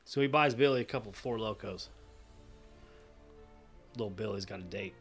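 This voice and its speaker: A man's voice: fairly low pitch, moderate pace, faint music behind. A man hosting a podcast, telling a long digressive comic story full of profanity. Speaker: podcast host.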